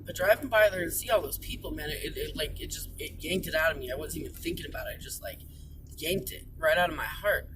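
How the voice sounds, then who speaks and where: A woman's voice: low-pitched, fast. A tearful, distraught woman venting about her life, pleading and cursing, her voice breaking into tears. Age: adult, parent. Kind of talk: emotional personal venting. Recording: distant mic, loud traffic noise.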